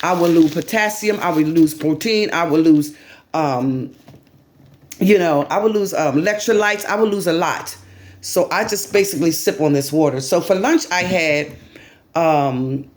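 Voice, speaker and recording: A woman's voice: low-pitched, a little slow. A woman talking to her channel in a casual commentary vlog, rambling and repeating herself with many fillers. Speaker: vlogger.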